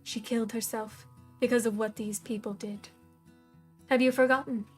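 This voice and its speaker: A woman reading aloud and voicing a cold, scornful older woman who acts as a dark mentor, speaking in a low, hushed, commanding way. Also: steady tone, moderate pace, faint music behind, natural voice.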